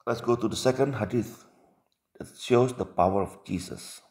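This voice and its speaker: A man's voice: medium pitch, normal speed, darkish tone, reverberant. A man reading religious texts aloud and commenting on them, with emphatic repeats and rhetorical questions.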